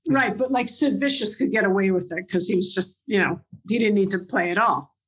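A woman host in casual conversation with her guest, speaking at an ordinary pitch. She sounds eager and chatty and jumps in with follow-up questions. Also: a little fast, fairly bright tone, breathy edge. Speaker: podcast host. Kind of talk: casual interview chat.

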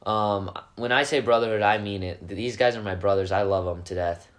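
A teenage boy, a high school quarterback, answering interview questions in an earnest, upbeat way. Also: brisk. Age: teens. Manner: earnest and upbeat, gets animated. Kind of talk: casual interview chat.

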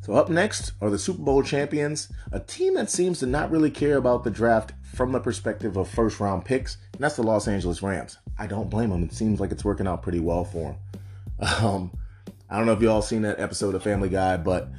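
A man's voice: lowish voice, fairly quick, darkish tone, faint music behind. A man giving loose, conversational solo commentary on football draft picks, with frequent asides. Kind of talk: casual solo sports commentary.

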